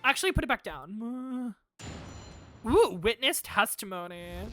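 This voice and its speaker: A woman streamer giving animated, sarcastic commentary on a game and laughing often. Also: fairly high pitch, a little slow, soft background music.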